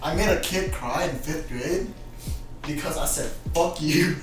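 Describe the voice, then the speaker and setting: A man's voice: fairly high pitch, moderate pace, very echoey, distant mic, over music, low-quality recording. A young man, a podcast guest, telling a school story in casual chat and swearing as he goes.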